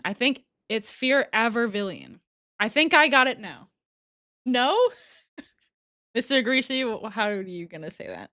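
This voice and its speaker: A woman's voice: on the high side, lively intonation, measured pace, pauses often, bright, forceful tone, no echo, studio quality. A woman hosting a casual livestream, reading super chats aloud in a giggly, chatty way that often trails off and restarts. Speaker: livestream host.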